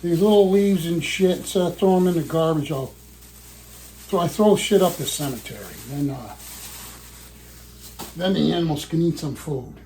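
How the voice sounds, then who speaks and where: A man's voice: fairly high pitch, lively intonation, normal speed, long pauses, warm tone, slight background noise. A man rambling and swearing to himself while cooking in his home kitchen, a little out of breath. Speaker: vlogger. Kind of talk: casual cooking vlog.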